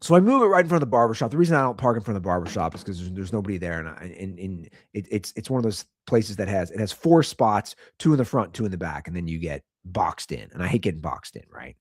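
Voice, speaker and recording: A man's voice: fast, hardly any pauses, no room sound, studio quality. A man hosting his own show, telling a story as a casual comedic rant and repeating lines in disbelief for comic effect. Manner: animated storyteller, swings between loud and low. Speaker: podcast host.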